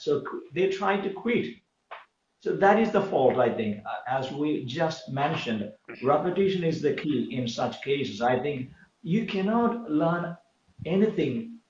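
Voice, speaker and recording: A man's voice: fairly high pitch, a little mellow. A man talking earnestly in a casual conversation, explaining his views fluently with some fillers. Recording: dull, echoey room sound.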